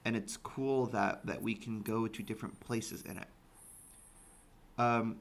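Young male co-host, husky vocal fry with a bright edge, hesitant and halting. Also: mid-range voice. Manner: hesitant, repeats words, restarts. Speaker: podcast co-host. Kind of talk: casual podcast discussion.

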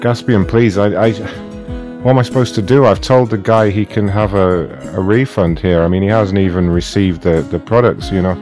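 A man's voice: low voice, moderate pace, over music, close to an everyday voice. A man playing a flustered customer-service agent in a prank call, stammering and apologizing politely. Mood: flustered, apologetic. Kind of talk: prank call role-play.

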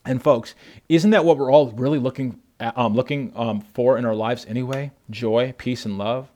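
Animated male preacher telling a story. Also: mid-range voice, moderate pace. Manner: animated storytelling, addresses listeners as folks. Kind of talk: sermon.

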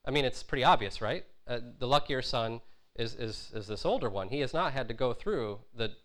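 A man gives a sermon in an informal, talky manner, with a voice of ordinary middle pitch. He stumbles over fillers and restarts now and then, and he slips into little voices for the people he quotes. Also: animated, a little fast, a bit bright. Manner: conversational, with frequent fillers and restarts, acting out quotes. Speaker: preacher.

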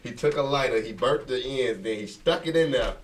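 A man's voice: mid-range voice, a little fast. Laughing man telling a story. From Chicago. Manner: laughing, animated storytelling with acted quotes. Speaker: guest. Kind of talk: casual storytelling. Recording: distant mic with faint noise.

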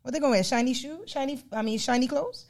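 A young adult woman co-hosting a casual podcast chat, playful and quick to laugh. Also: a crowd in the background. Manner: animated, playful, laughs often, swoops high for emphasis. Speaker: podcast co-host.

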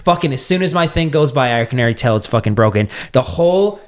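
A man telling a story on a casual podcast, animated and swearing often, acting out what people said. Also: medium pitch, quick pace. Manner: animated storyteller, swears a lot, acts out quotes. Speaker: podcast co-host.

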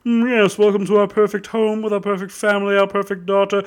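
A man's voice: high-pitched, completely flat delivery, quick pace, pitched above the performer's own voice, lightly acted. A man voicing a snooty rich suburban parent who scolds in an exaggerated mock-posh manner. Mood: haughty.

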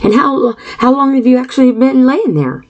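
A woman's voice: high voice, lively intonation, moderate pace, darkish tone, muffled recording, slight background noise. A woman hosting a solo podcast monologue, speaking in an earnest, emotional way with frequent sighs and restless repeated questions. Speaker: podcast host.

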